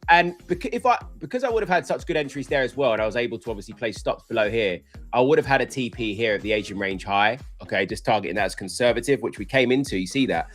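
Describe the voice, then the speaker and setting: A young man hosts a live trading stream from his desk mic, talking casually and rambling through his points. He's excitable and breaks into laughter now and then, with his voice at an everyday middle pitch. Faint music runs quietly underneath. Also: quick pace.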